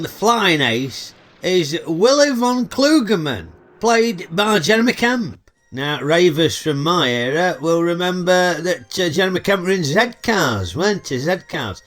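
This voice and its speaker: A man's voice: high-pitched, sing-song, measured pace, hardly any pauses, a bit bright. A middle-aged man with a Yorkshire accent, hosting a chatty, cheeky comedic film review full of dialect banter. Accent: Northern English, Yorkshire.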